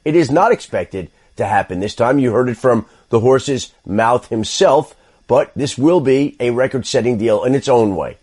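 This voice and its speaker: A man on sports radio, measured and explanatory, laying out football league insight and repeating his key points. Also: mid-range voice, expressive, darkish tone. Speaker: football insider.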